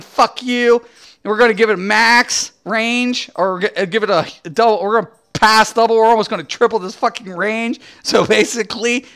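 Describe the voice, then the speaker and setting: A man with a high, clear voice rants through game patch notes, excitable and swearing constantly. His tone is bright and edgy, and he breaks into laughter often as he reacts. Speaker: gaming streamer. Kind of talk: profane patch-note reaction commentary.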